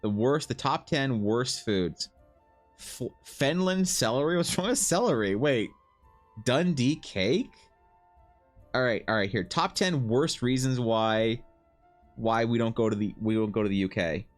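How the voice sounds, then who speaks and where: Profane, animated male streamer. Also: mid-range voice, a little slow, faint music behind. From Ukraine. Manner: animated, profane, mock-outraged riffing while reading. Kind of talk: casual livestream chat.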